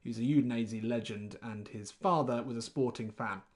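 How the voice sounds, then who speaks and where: A man's voice: mid-range voice, normal speed. A man, rambling chattily through live gameplay commentary while greeting chat viewers. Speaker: game streamer.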